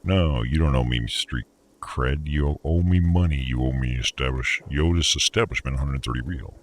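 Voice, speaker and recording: A man's voice: very deep voice, normal speed, slight background noise. A man voicing an exasperated middle-aged male hotel manager in a video game, reading the dialogue aloud. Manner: exasperated, counting out a bill.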